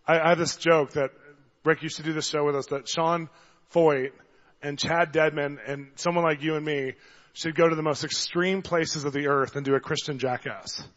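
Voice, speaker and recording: Animated high-voiced male preacher, echoing hall. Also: moderate pace. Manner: animated storyteller, acts out voices, gets loud. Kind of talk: sermon with storytelling. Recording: dull long hall reverb.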